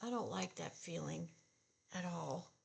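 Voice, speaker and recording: A woman in her sixties chatting slowly and haltingly while she does her makeup, sounding upset and discouraged. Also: fairly low pitch, gravelly, slightly rough. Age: 60s. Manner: slow, subdued and halting, with sighs. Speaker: beauty vlogger. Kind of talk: casual get-ready-with-me chat.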